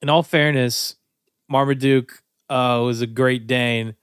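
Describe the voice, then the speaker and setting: Male streamer, reaction chat, giggly, smooth clear voice, slow unhurried talk, dry close mic. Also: medium pitch, fairly bright tone, no room sound. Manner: giggly, breaks into laughter, thinks aloud.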